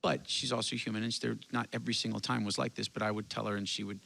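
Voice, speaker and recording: A man's voice: on the low side, flat delivery, quick pace, gravelly, bright, forceful tone. A man from Texas, a guest musician, telling personal stories in an earnest, confessional way during casual conversation. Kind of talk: casual chat.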